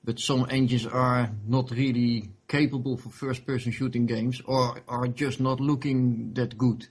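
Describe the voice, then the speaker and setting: Guy in an interview, kinda husky, stops and restarts a lot, lots of uhs. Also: medium pitch, level tone, a little slow. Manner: hesitant, many fillers and restarts. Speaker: interview guest, game modder. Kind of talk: casual interview talk.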